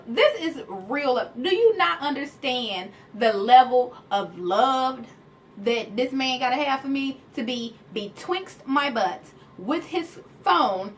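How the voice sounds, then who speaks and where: Animated high-voiced woman telling a story. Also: slight background noise. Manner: animated, playful, addresses viewers as y'all. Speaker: vlogger. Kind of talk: casual storytime chat.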